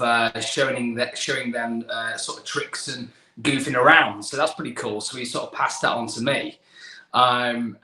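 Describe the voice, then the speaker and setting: A man's voice: medium pitch, pushed and bright. Chatty English man on an echoey call. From England. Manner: chatty, self-deprecating, rambling with restarts. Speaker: magician guest. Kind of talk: casual video-call interview.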